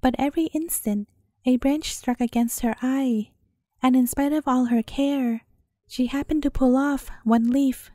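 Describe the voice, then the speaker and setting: High, mellow-voiced woman storyteller. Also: fairly even intonation, a little slow, no echo, clean studio sound. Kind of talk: bedtime storybook narration.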